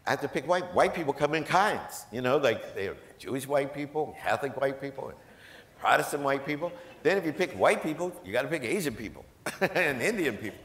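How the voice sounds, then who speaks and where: A man's voice: medium pitch, lively intonation, fairly quick, a bit bright. A man speaking as a guest at a gala, telling humorous stories to a live audience in a chatty, jokey way and quoting the people in them. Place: large event hall. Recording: echoey hall.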